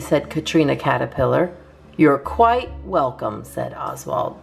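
A woman reading a children's picture book aloud in a lively, sing-song way. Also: extremely low pitch, measured pace, vocal fry, faint music behind. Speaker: children's story reader. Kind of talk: read-aloud storytime.

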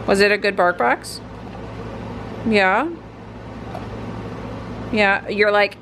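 A woman's voice: medium pitch, expressive, a little slow, pauses often, a bit bright, a little hiss or hum. A young woman chatting casually in a home vlog, often switching to a sing-song voice for her dog. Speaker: vlogger. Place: home living room.

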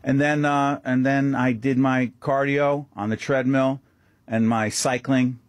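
A man's voice: medium pitch, little pitch movement, unhurried, no echo. A man, guest-hosting a talk radio show with emphatic, impassioned commentary in a studio. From Newark, New Jersey. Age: 50s. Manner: impassioned, emphatic, rhetorical questions. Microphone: studio microphone.

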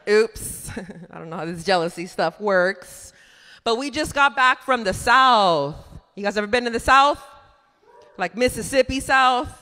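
A woman performing a stand-up comedy set, chatty and animated, laughing at her own jokes on a club stage. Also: mid-range voice, a little slow. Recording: reverberant club room.

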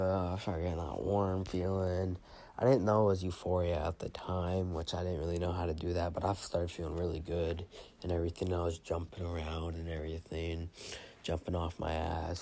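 A young man telling a casual storytime in a rambling, slangy, profane way, a little high. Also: warm tone. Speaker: vlogger.

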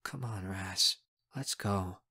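A man reading the lines of a blunt, loyal teenage girl friend in an audiobook, her voice a touch higher than his narration. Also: expressive, slow pace. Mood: quiet. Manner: frank, scolding, then urgent.

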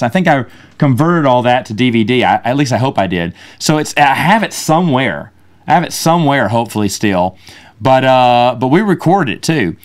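Brief: middle-aged male podcast host, solo casual storytelling, slightly high pitch, acts out quoted voices.

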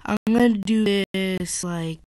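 A woman's voice: medium pitch, slow pace, darkish tone, dry recording, low-quality recording. A woman chatting casually while commenting on her Minecraft gameplay, rambling and often correcting herself mid-sentence. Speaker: gaming channel host.

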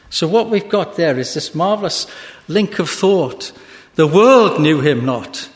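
A man preaching a sermon, slow and measured, rising to a fervent pitch at his climaxes. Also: expressive. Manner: slow and measured, with long pauses. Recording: hall reverb.

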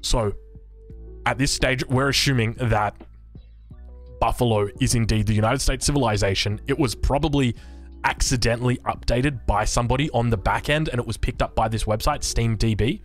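A young Australian man hosting a casual, excitable live reaction to game news, rambling and joking. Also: mid-range voice, normal speed, soft background music. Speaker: gaming YouTuber.

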